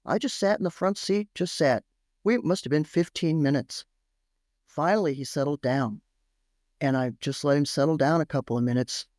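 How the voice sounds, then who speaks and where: Animated middle-aged woman, parenting expert guest, emphatic storyteller, dry close sound. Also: deep voice, normal speed, no room sound. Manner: animated, emphatic, repeats phrases for effect. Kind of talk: storytelling podcast interview.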